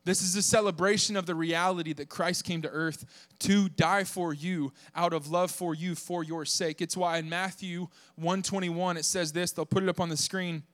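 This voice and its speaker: A young male pastor from the southern United States delivering a sermon to his congregation. His voice sits high for a man. He preaches with animated energy, cracking jokes and pushing his voice up into shouts to drive a point home. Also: normal speed, few pauses. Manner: animated, joking, voice rises to shouts for emphasis.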